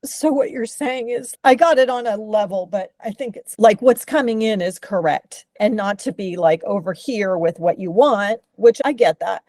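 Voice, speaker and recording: A woman's voice: mid-range voice, moderate pace, few pauses, darkish tone, dry recording. A woman on a video call thinking aloud, reflective and full of "like" fillers. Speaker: call participant. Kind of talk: casual chat on a video call.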